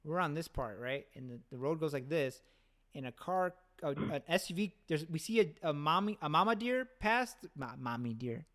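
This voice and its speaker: A man's voice: a little high, moderate pace. A man hosting a podcast, telling rambling stories in casual chat, swearing freely. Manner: rambling, profane storytelling. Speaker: podcast host.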